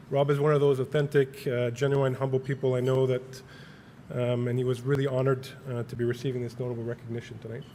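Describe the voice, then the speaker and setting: Man giving a halting award acceptance speech. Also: mid-range voice, darkish tone, slight background noise. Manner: halting, many filler words. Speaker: award acceptor speaking for a colleague. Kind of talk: prepared acceptance speech on stage. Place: large banquet hall.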